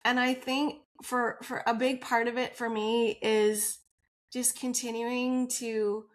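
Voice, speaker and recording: Woman on a podcast, kinda high voice, open and earnest, laughs a lot while she talks. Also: little pitch movement, slow pace. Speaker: podcast guest. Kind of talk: casual interview storytelling.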